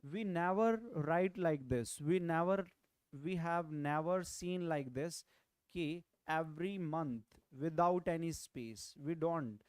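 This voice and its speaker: A man with an Indian English accent and a slightly high, mellow, clear, resonant voice teaches vocabulary slowly in an online exam-prep lecture with no room sound. He often repeats key phrases and asks "right?" to check in.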